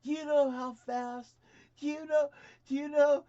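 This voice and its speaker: A man voicing a furious male highway patrol officer who shouts and scolds in a drawn-out way. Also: flat delivery, highs cut off. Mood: yelling.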